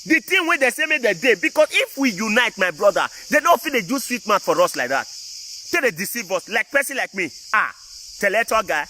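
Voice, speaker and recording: A Nigerian man speaking Pidgin English-accented talk in a very high, bright, forceful voice. He rants straight to his viewers, pressing his points over and over like a preacher. The recording carries a faint hiss of noise. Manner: emphatic, repetitive, preachy. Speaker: vlogger. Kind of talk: casual political rant to viewers.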